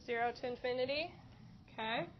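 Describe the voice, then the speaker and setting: Woman math teacher in class, bright high voice, muffled recording. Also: a little fast. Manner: questioning, encouraging students. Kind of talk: classroom lesson. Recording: dull lo-fi classroom recording with faint noise.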